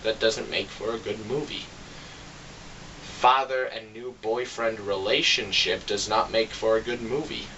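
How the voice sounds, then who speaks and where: A man giving a casual film review, exasperated and sarcastic, acting out reactions with sudden jumps in pitch. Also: fairly even intonation, measured pace, sharp tone, distant mic, lo-fi sound, a little hiss or hum. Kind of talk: casual movie review rant.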